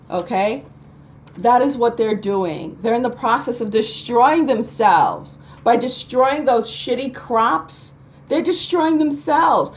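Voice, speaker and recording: A woman hosting her own channel, giving chatty, animated spiritual commentary to camera and laughing often. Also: mid-range voice. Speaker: channel host. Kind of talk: casual spiritual commentary vlog.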